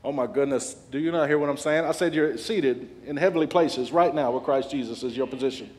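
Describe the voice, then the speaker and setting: A man in his forties preaching a sermon as a guest speaker, animated and humorous, building to loud peaks. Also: medium pitch, brisk. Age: 40s.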